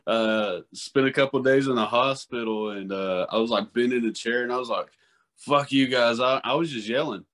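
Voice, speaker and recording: A man in his thirties hosting a casual chat, talking in a rambling, profane, animated way. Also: mid-range voice, fairly quick, hardly any pauses. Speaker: podcast host.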